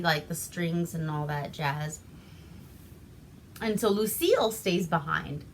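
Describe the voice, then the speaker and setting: Woman, from Alaska, movie reviewer, casual profane recap, rambling, bright tone. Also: on the low side, a little hiss or hum. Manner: rambling, laughing, foul-mouthed.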